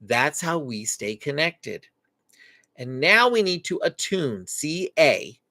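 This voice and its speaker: A man's voice: on the high side, takes it slowly, no room sound. A middle-aged man hosting a live parenting Q&A, explaining in an earnest, conversational way. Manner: relaxed, conversational with fillers. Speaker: parenting show host. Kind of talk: live Q&A teaching talk.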